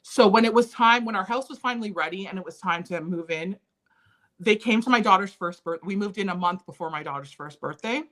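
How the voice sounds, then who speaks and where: A woman in her thirties, appearing as an interview guest, candidly and earnestly recounts painful family memories in conversation. Her medium-pitched voice is fairly bright and moves along fairly quickly.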